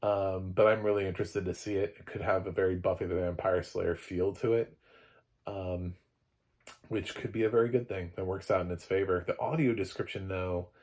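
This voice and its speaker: A man's voice: deep voice, fairly even intonation, moderate pace, darkish tone. A man, a film critic, casually reviewing a show and rambling with lots of "like" and "you know.". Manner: rambling, filler-heavy, frequent "like" and "you know". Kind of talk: casual review talk to camera.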